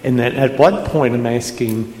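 A man from the audience asking a question in a measured, careful way. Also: mid-range voice, dark tone. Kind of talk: question from the floor. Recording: echoey hall with faint ambience.

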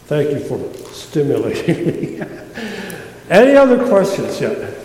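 A fired-up male preacher delivering a sermon in a hall with long, echoing reverb. He talks slowly and deliberately, with a slightly high voice, repeating key words for emphasis and swinging between loud declarations and hushed tones. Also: big pitch swings. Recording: echoey hall.

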